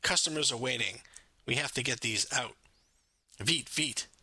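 A man's voice: medium pitch, sharp tone, no room sound. A man voicing a curt, harried kitchen boss woman. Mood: impatient. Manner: curt and hurried.

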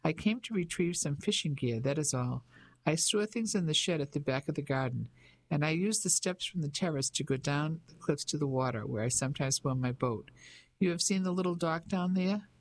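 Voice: medium pitch, fairly quick, close to an everyday voice. A reader voicing a cocky, self-assured local fisherman who teases and mocks in an audiobook. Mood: teasing. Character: cocky teasing local fisherman, grown man. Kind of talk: audiobook character voice.

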